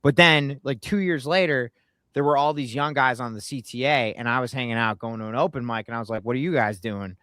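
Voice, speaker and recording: A man chatting casually as a guest, telling animated stories and acting out quotes, swearing when he gets worked up. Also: medium pitch, a little fast, clean tone, dry recording. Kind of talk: casual chat, storytelling.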